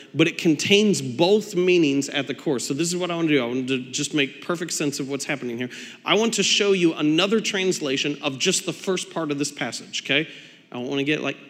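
A male pastor delivers a sermon in a relaxed, chatty way, breaking into little acted-out voices. His voice sits a bit high for a man. The sound carries a long reverb from a large hall. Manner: conversational and animated, with laughs and acted-out asides.

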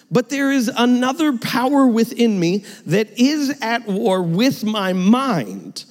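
A man's voice: very high voice, long reverb tail. A male pastor preaching in a conversational, self-deprecating way, acting out little dialogues. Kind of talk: sermon.

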